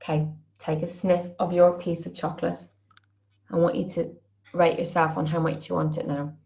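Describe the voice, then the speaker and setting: A woman guiding a group through a tapping session, repeating phrases slowly over a video call. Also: fairly low pitch, level tone, gravelly, darkish tone, dull audio. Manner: slow, repetitive guided phrasing.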